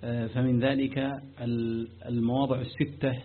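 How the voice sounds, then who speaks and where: A man's voice: mid-range voice, flat delivery, very fast, long pauses. A man teaching Quran recitation, reading from a tajweed book and adding his own explanation, with frequent filler sounds. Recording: tinny phone-like recording with faint noise.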